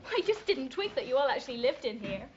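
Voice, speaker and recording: A woman's voice: sits high, very animated, fast. An actress playing a sixteen-year-old runaway schoolgirl who craves attention, in a 1980s TV comedy-drama. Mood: chatty. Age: teens. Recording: dull lo-fi TV audio, faint hiss.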